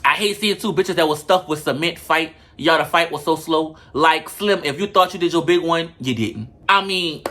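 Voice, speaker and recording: A sassy show-review vlogger with a bright, forceful tone, cursing freely through a comedic recap and talking right to the viewers. The delivery jumps between quick asides and slow, drawn-out emphasis. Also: mid-range voice. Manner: sassy, profane, talks straight to viewers.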